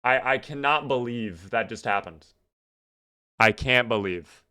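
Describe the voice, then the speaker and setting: A man's voice: mid-range voice, measured pace, sharp tone, clean tone. A young man giving casual, swear-heavy commentary while playing a video game. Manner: swears a lot, rants when angry. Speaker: gaming streamer.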